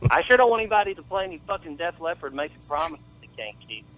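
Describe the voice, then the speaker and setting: A man's voice: fairly high pitch, animated, very fast, very noisy. A man calling in to a radio show, brash and crude, firing off profane one-liners. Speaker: caller. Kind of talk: call-in radio chat.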